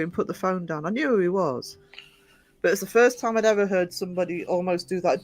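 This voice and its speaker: A man's voice: high voice, a little fast, soft background music, poor audio. A man chatting casually, telling rambling anecdotes with many fillers and restarts. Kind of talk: casual chat.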